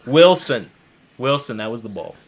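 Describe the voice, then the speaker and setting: A man co-hosting a comedy podcast, bantering in a playful, excitable way. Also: mid-range voice, normal speed, a crowd in the background. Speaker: podcast co-host.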